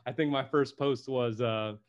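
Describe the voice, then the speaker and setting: A personal branding videographer appears as a podcast guest, casually telling his story in a laid-back way, saying "dude" often, swearing freely, and acting out quotes in lively voices. His mid-range voice is smooth and moves at normal speed, though the recording sounds muffled.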